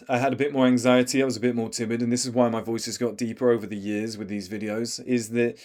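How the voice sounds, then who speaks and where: An emphatic man coaching viewers on how to speak with presence. He breaks down video clips and acts out short examples along the way. His pitch sits in an ordinary middle range. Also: a little mellow. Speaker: body language coach. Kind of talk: commentary over video clips.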